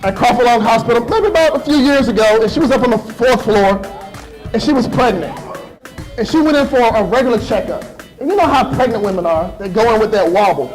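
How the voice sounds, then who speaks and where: Animated high-voiced man telling a story. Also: fairly quick, faint music behind, poor audio. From Decatur, Georgia. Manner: animated, repetitive, playful, with sudden shifts to hushed. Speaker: motivational speaker. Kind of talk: storytelling speech to an audience.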